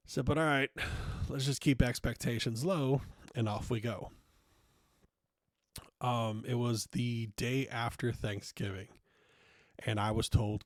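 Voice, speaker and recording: A man's voice: mid-range voice, fairly even intonation, measured pace, no room sound, clean studio sound. A man hosting a podcast, talking through a loose, frank monologue with casual swearing and many fillers. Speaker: podcast host.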